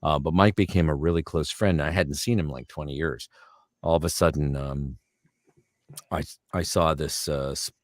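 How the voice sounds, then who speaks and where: Low-voiced man telling rambling stories. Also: fairly even intonation, normal speed, no echo, clean studio sound. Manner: rambling anecdotes, mimics voices in quoted speech. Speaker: voice actor guest. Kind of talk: casual storytelling interview.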